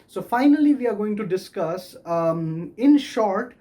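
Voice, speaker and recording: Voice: medium pitch, expressive, a little slow, dark tone. A lecturer giving a recorded video lesson on poetry, patiently explaining and tapping out the stressed beats of verse aloud. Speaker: literature lecturer.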